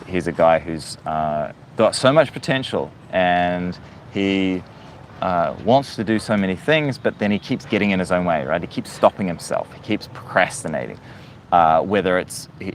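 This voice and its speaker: A man from New Zealand with a softened accent, hosting a casual livestream and talking reflectively to viewers, often pausing and restarting his sentences. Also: low-pitched, a little hiss or hum. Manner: reflective, hesitant with many fillers and restarts. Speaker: livestream host.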